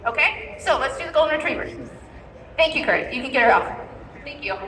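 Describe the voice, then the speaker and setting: Woman dog trainer leading a live demo, high-pitched and bright, checking in with "okay?", heard from a distance in a reverberant hall. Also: animated, a little fast. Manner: instructive, repeats "okay?" to check in. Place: large indoor expo hall. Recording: echoey hall from far off.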